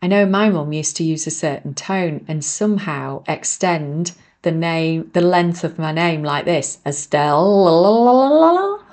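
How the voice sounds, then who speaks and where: A woman's voice: low voice, steady tone, measured pace, hardly any pauses, darkish tone. A woman, reading her own self-help book aloud on her podcast and breaking off into chatty, self-deprecating asides to her listeners. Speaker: author and podcast host.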